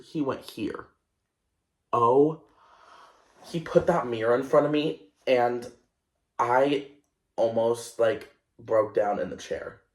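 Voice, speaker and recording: Young male podcast host, unhurried, echoey room, rambling and animated storytelling. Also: medium pitch. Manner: animated, self-conscious storytelling with many fillers. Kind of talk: casual storytelling monologue.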